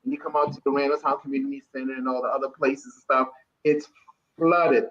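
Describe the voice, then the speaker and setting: A man on a political panel talking in a folksy, halting way with many false starts. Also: medium pitch, flat delivery, a bit bright. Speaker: Democratic club member. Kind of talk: roundtable discussion. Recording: dull lo-fi sound.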